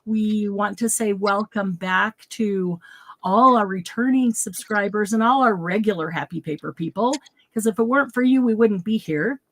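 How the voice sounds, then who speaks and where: A woman hosting a craft livestream in casual chat, bubbly and quick to laugh, greeting viewers by name. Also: medium pitch, fairly bright tone. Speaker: craft show host.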